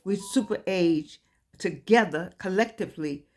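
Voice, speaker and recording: A woman's voice: on the low side, a little slow. A woman in her eighties giving an inspirational talk in an earnest, preaching cadence, full of repeated words and restarts. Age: 80s. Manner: repetitive, many stammered restarts. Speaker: motivational speaker.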